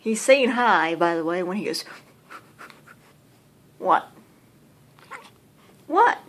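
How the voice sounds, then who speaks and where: A woman's voice: lowish voice, animated, slow, long pauses. A woman filming at home, playfully scolding and teasing her cat in baby talk. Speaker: vlogger. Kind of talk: casual home video talking to her cat.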